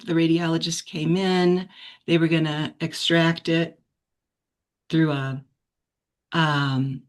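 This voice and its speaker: Woman, lowish voice, telling a personal story on a video call, reflective and unhurried, restarts often. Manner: reflective, with frequent restarts and soft laughs. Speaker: practice group member sharing a story. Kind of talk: casual personal sharing.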